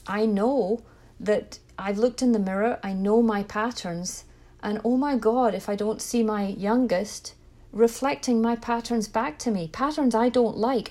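A woman with a fairly high, warm voice speaks at a measured pace, giving parenting advice directly to camera. She is earnest and reflective, with small restarts.

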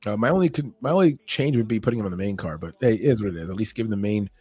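A man's voice: on the low side, animated, mellow, breathy edge, dry recording. A man giving a casual, loose breakdown of fight betting lines in podcast style, restarting his sentences often. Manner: talks fast and loose, restarts often, chuckles at his own points. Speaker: MMA betting analyst.

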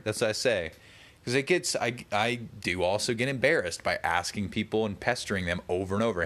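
A man with a fairly low voice talks to his viewers in a loose late-night monologue from home. He drifts from one tangent to the next and slips into mocking imitations of what other people said. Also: animated, fairly quick, fairly bright tone. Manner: rambling, tangent-prone, mock-quotes people. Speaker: vlogger.

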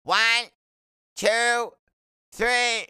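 A man voicing a nervous young boy who speaks in a high, whiny voice. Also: fairly even intonation, extremely slow, bright, forceful tone, smooth, dry recording, studio quality, exaggerated voice. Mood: anxious boy.

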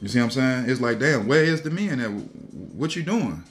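A man's voice: medium pitch, sing-song, moderate pace, soft background music. A man talking casually on a podcast, telling a story in a rambling, profane way, laughing and repeating himself.

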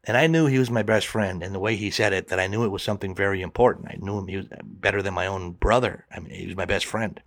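A man's voice: low-pitched, quick pace, hardly any pauses, a bit bright, no room sound, clean studio sound. A man telling a personal story in conversation, acting out both sides of the dialogue.

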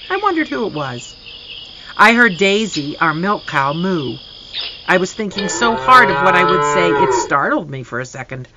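An audiobook narrator reading a story aloud in an expressive, unhurried way. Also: medium pitch, a little hiss or hum.

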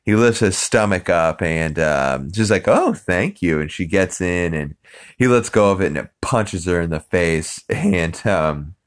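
Male podcast host, deep voice, casual rambling recap full of fillers. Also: expressive, a little slow.

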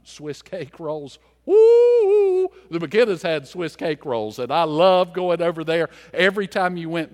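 Brief: unhurried lively preacher in his fifties, folksy storyteller, long hall reverb. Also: mid-range voice. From US mountains, later Charlotte. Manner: folksy, animated, swings from loud to hushed. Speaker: pastor. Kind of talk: sermon storytelling.

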